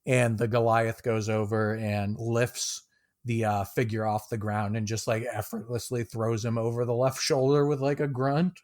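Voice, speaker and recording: A man's voice: mid-range voice, little pitch movement, moderate pace, darkish tone. A man narrating a tabletop game as game master, casual and loose, with many fillers and small laughs.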